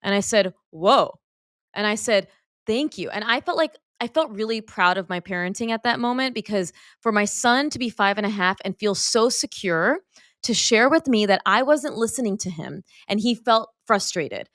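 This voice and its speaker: A woman's voice: mid-range voice, lively intonation, normal speed, a bit bright, no echo. Earnest woman podcast host, dry sound. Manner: earnest, open personal storytelling. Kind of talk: casual interview chat.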